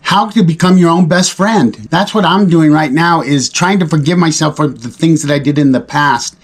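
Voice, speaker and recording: A man speaking earnestly and reflectively to camera in a confessional talk, pausing and restarting often. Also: a little high. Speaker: recovery vlogger.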